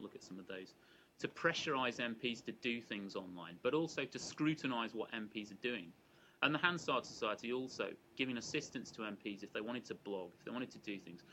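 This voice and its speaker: A man giving an academic lecture to a live audience in a measured, explanatory way, often restarting his phrases. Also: fairly low pitch, a bit bright, muffled recording, a little hiss or hum. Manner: measured and explanatory, with frequent restarts and hedging asides.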